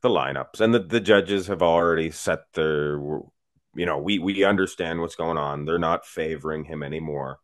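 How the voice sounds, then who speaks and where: A man's voice: very deep voice, moderate pace. A man co-hosting a podcast, chatting casually and joking around in a laid-back way. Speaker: podcast co-host. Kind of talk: casual chat.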